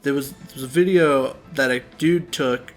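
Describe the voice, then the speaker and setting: A young man co-hosting a let's play tells a story casually during a game playthrough, swearing and laughing a lot. His voice is mid-range at a moderate pace, with soft background music.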